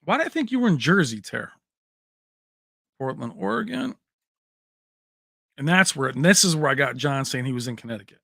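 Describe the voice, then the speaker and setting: A man's voice: medium pitch, sing-song, a little fast, vocal fry, long pauses, sharp tone, no room sound, clean studio sound. A man hosting a casual livestream, reading out viewers' names and locations and joking with the chat. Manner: chatty, reads names and places aloud, jokey. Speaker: livestream host.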